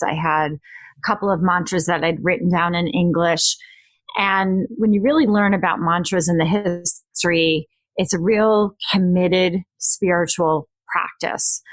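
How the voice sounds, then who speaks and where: In a relaxed interview, a guest author who works as an emotional detox coach tells her own story with lots of ups and downs and animated energy. She has a mid-range voice and slips into quoted lines with small bits of acting. The recording is dry and close, with no room echo.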